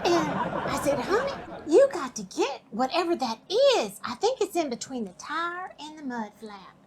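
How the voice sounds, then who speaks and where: A woman's voice: sits high, sing-song, moderate pace, a crowd in the background, noisy background. A woman playing a gushing, melodramatic visiting sister in a comedy sketch banter. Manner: gushing and melodramatic, breaks into fake sobs.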